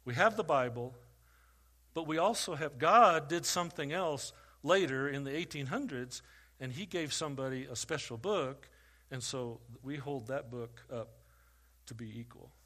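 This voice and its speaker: Man preaching with loud-quiet swings. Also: mid-range voice, normal speed. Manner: dynamic preaching, rising loud for questions, dropping quiet for stories. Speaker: pastor. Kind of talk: sermon.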